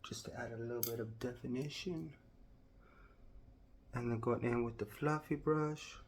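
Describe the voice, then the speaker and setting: A man with a Southern US accent narrating a makeup tutorial, gushing with drawn-out exclamations. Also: medium pitch, steady tone, noisy background. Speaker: makeup vlogger.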